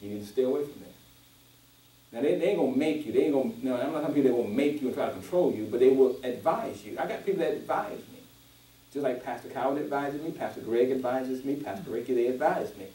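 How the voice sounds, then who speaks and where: A man's voice: medium pitch, fast. A man preaching a conversational sermon to a responsive congregation, telling stories and acting out quoted voices in a casual dialect. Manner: animated storyteller who acts out quoted voices, casual dialect. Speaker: pastor. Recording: roomy church audio from a distance.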